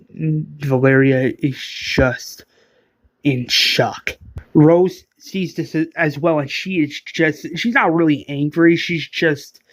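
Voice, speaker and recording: Brief: male narrator, casual and halting, slightly high voice, slow delivery, dry close sound. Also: no echo. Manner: informal, halting, many restarts.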